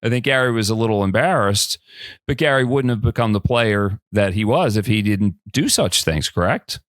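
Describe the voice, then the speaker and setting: A man's voice: lowish voice, animated, moderate pace, no echo, clean studio sound. A man hosting a podcast, chatting, joking and asking his guest questions. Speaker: podcast host. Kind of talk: casual podcast conversation.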